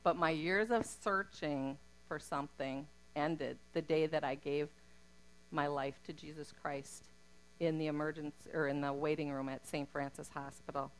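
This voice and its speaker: Woman, middle-aged, low voice, faith testimony, earnest storytelling. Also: steady tone, moderate pace, poor audio. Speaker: speaker giving a testimony.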